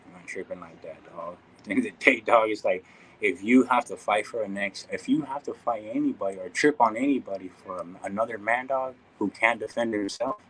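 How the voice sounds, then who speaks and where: Fairly quick and slightly rough, with a low, a bit bright voice, a man from California's Inland Empire does casual vlog talk for his YouTube viewers. He's laid-back and slangy, calling listeners "dog" and "homie," on a rough recording.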